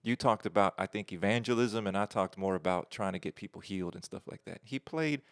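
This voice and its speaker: A man on a podcast chatting casually, excited and slangy, calling his friends bro. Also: fairly low pitch, brisk, no room sound, studio quality. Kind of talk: casual chat.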